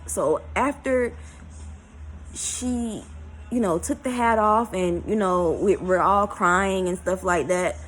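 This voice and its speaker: A woman tells a personal story in a vlog, emotional and halting, with many fillers. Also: mid-range voice, faint music behind, rough recording. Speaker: vlogger.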